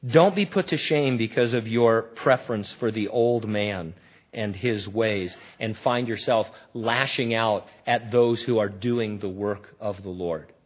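A man preaching a sermon in an animated, conversational, emphatic way. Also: lowish voice, a little slow, husky. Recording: dull lo-fi recording.

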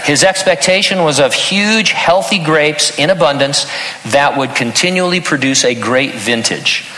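A man's voice: fairly high pitch, a little slow, bright, forceful tone, roomy sound, long reverb tail, slight background noise, poor audio. An older man preaching a sermon as pastor, earnest with touches of self-deprecating humor.

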